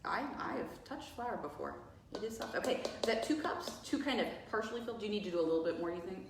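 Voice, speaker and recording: A woman's voice: mid-range voice, lively intonation, quick pace, gravelly. A middle-aged woman casually demonstrating a recipe as host of a cat cafe live stream, chatty and playful. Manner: chatty, playful, laughs often. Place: cafe kitchen. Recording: echoey kitchen with faint noise.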